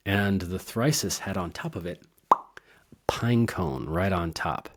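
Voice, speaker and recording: Male podcast host, very low voice, loose and playful, chuckles at his own puns. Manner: rambling, playful, laughs at own wordplay. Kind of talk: casual educational monologue.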